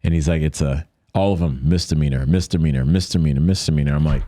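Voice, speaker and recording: A man telling a story casually as a guest, animated, acting out quotes in a higher voice. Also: quick pace, hardly any pauses, no room sound.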